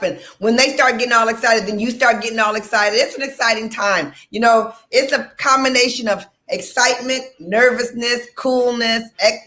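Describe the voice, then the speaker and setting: A woman's voice: on the high side, sharp tone. A middle-aged woman co-hosting a casual radio chat, exuberant and repeating herself for emphasis. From Detroit. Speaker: co-host.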